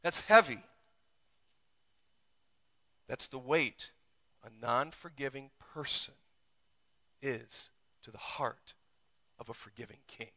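Bright-voiced man preaching with rising intensity. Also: slow, pauses often. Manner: preaching with sudden surges in pitch and volume. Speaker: pastor. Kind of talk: sermon. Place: church.

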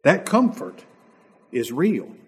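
A man preaching a sermon as a pastor, swinging between loud emphatic lines and soft, quiet asides. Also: on the high side, wildly swooping pitch, slow pace, husky, big-room sound.

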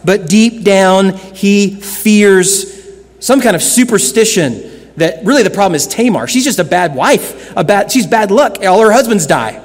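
Pastor, male, high voice, earnest sermon delivery, long hall reverb. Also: animated, a little slow. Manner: earnest preaching, shifting between loud emphasis and hushed lines.

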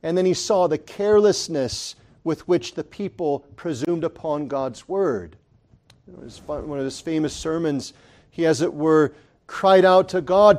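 Guy preaching a sermon, kinda high voice, gets really fired up and pleading. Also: unhurried, darkish tone. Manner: earnest, rising to impassioned emphasis; addresses congregation as brethren.

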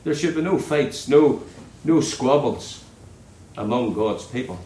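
A man preaching a sermon in an earnest way, dropping low and soft on key words. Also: lively intonation, a little slow, roomy sound, rough recording.

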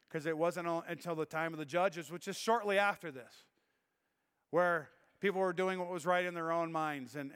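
A man's voice: fairly high pitch, fairly bright tone, smooth, in a large hall. A middle-aged man preaching a sermon as pastor, telling a personal story in an earnest, emotional way with frequent restarts. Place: church sanctuary.

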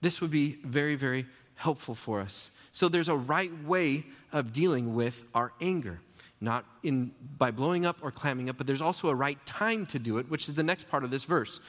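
A man's voice: mid-range voice, normal speed, fairly bright tone, big-room sound. A man giving a conversational sermon as a pastor, asking his listeners rhetorical questions and often restarting his phrases.

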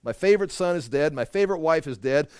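A man's voice: fairly high pitch, animated, fast talker, darkish tone, smooth, no echo, studio quality, lightly acted. A man voicing a grieving, self-pitying old father in a retold scripture story. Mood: miserable.

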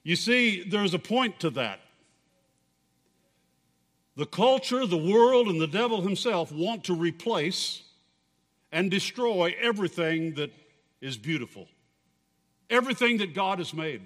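A man preaching a sermon as pastor, in deliberate, expressive preaching, in a reverberant church hall. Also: high-pitched.

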